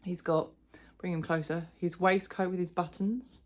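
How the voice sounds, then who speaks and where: A woman's voice: fairly low pitch, fairly even intonation, normal speed. A middle-aged woman chatting casually in a crochet vlog, rambling and self-deprecating, with plenty of fillers. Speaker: crochet vlogger. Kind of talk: casual chat.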